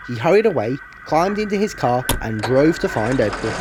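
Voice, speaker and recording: A man narrating a children's storybook aloud in an expressive read-aloud manner. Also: mid-range voice, a little fast, hardly any pauses. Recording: noisy home recording.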